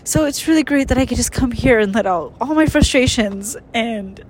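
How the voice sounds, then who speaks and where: A woman's voice: a little high, normal speed, few pauses. A young woman hosting a casual solo podcast, tearful and emotional, rambling with many fillers. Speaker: podcast host.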